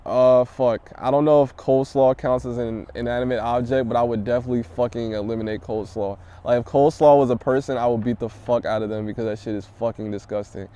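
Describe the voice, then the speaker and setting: A young rapper from the DMV area talks through his story outdoors in the city, cursing freely and getting animated. His voice is low-toned and mellow, smooth and resonant, and passing traffic sits behind him. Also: fast talker, hardly any pauses. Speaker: rap artist interviewee. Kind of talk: casual interview answers.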